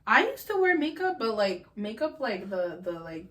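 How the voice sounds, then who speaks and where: A 21-year-old woman hosting a casual podcast, telling stories in an animated way and swearing freely. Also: mid-range voice, normal speed. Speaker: podcast host.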